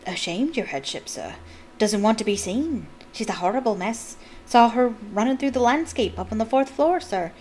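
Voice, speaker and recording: A mischievous male poltergeist, put on by a woman reader, speaks with an oily, fawning smoothness that barely hides his glee. He gloats over trouble in a storybook voice. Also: a little high, expressive, normal speed, a little mellow, a little hiss or hum, close to an everyday voice. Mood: oily gloating.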